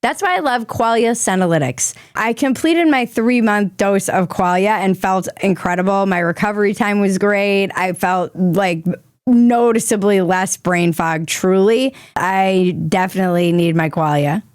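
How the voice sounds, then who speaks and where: A woman's voice: mid-range voice, unhurried, clear, resonant tone, no room sound, studio quality. A woman hosting a comedic news commentary show, irreverent and crude in her jokes. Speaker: host.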